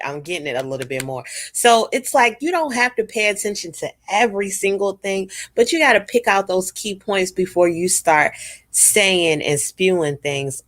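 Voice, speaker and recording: A woman rants to her viewers in a blunt, emphatic way and swears freely. Her voice sits a little low, and the recording is dry and close with no room sound. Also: fairly bright tone, dry recording. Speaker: commentary vlogger. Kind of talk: casual rant to viewers.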